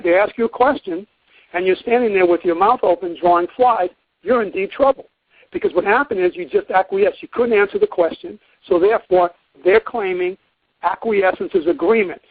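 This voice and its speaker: A man's voice: high voice, fairly quick, slightly rough, no echo. A man lecturing emphatically on a call-in program, acting out courtroom exchanges as he goes. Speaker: guest teacher on a call-in program. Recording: tinny dry phone line.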